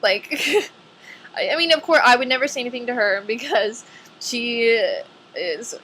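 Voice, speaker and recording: Bright-voiced chatty teen girl vlogger. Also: on the high side, expressive, moderate pace. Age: young adult. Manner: chatty, says "like" a lot. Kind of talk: casual chat to camera.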